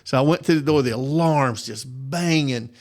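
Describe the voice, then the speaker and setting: A man's voice: mid-range voice, normal speed. A man telling work stories in a casual chat, acting out quoted voices and laughing often. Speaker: appliance technician telling stories.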